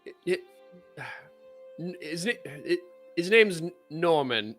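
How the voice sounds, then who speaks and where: A man voicing a polite, weary male household robot who answers haltingly. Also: a little high, expressive, a bit bright, soft background music. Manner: polite, halting, tired of questions.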